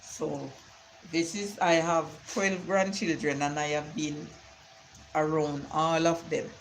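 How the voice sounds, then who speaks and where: A woman's voice: sits low, steady tone, takes it slowly, a little hiss or hum, poor audio. An older woman, chatting casually on a live stream and telling rambling stories with Bible sayings.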